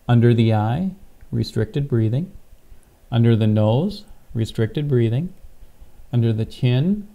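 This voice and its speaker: Wearing a clip-on microphone, a pastor demonstrates tapping one step at a time, his mid-range voice gravelly and dark. He stays patient and keeps asking "okay?" to check in.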